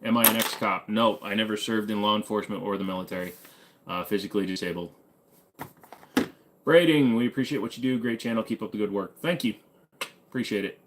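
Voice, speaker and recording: Chill american guy on a live stream, kinda low voice, joking around and reading out comments, lots of uhs. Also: steady tone, fast, slight background noise. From United States. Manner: laid-back, joking, drawling with frequent "uh" fillers. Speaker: host.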